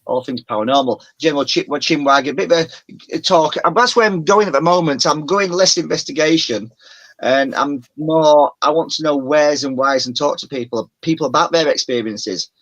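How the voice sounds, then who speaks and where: A man's voice: a little high, moderate pace, a bit bright. A man from Yorkshire with a mild Yorkshire accent, chatting as a guest over a video call, rambling and often restarting his sentences. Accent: mild Yorkshire English. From Yorkshire, England. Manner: rambling, many restarts and self-corrections. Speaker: guest, paranormal show presenter. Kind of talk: casual video-call chat.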